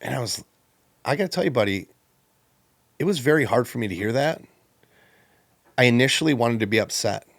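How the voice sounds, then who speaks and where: A man telling a personal story on a podcast, animated and acting out the people he quotes. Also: mid-range voice, a little fast, pauses often, dry recording, studio quality.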